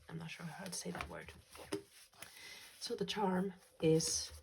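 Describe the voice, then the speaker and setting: Woman, from Finland, journaling vlog host: soft, gentle delivery with whispered asides, low pitch, gravelly texture. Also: fairly even intonation, unhurried, long pauses, a little hiss or hum. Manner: soft-spoken, gentle, slips into quiet whispers. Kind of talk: casual vlog talk.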